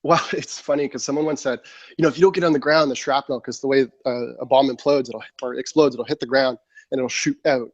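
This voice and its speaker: Here a veteran in his thirties, a podcast guest, rattles off a long casual story at a fast pace in a mid-range voice. He dramatizes what he said and fills his speech with fillers, all picked up dry on a studio microphone that sounds slightly muffled.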